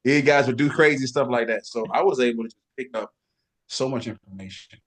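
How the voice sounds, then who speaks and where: A middle-aged man, a guest bodybuilder, telling lively backstage stories and imitating other people's voices in casual chat. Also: mid-range voice, brisk. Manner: animated storyteller, does voices of others. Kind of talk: casual storytelling.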